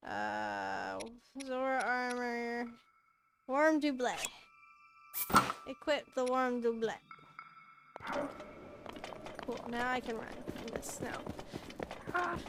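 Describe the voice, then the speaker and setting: A woman's voice: fairly high pitch, big pitch swings, slow, gravelly, pauses often, heavy background noise. A woman streaming a video game, chatting casually, narrating her moves and laughing often. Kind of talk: casual live gameplay commentary. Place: at home in a chair. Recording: game sounds with horse hooves behind. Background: video game audio.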